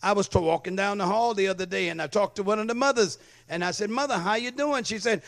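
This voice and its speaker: This male pastor talks fast with vocal fry and hardly any pauses, his high voice a bit bright. Preaching in church, he asks for amens and checks whether the congregation follows him.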